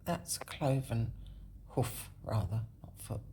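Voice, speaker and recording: A woman's voice: extremely low pitch, animated, slow pace, creaky, mellow, a little hiss or hum. A woman hosting a video, thinking aloud as she walks through a map. She corrects herself often and sometimes drops into a whisper. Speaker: video host. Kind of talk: rambling walkthrough on a map.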